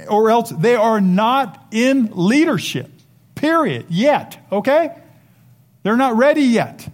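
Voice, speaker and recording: An older male pastor delivers a sermon in an emphatic, conversational way, breaking off into casual asides. His voice sits a little higher than most men's. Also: a little mellow.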